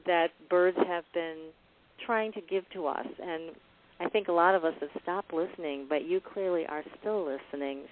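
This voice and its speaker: Woman host with tinny phone-like sound. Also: lowish voice. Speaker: radio show co-host. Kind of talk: radio interview hosting.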